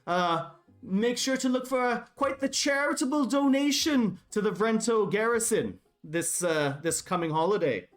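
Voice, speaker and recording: A man voicing a smug, wealthy property owner who shouts his thanks over a crowd. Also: high-pitched, expressive, normal speed, few pauses, faint music behind, voice pushed up.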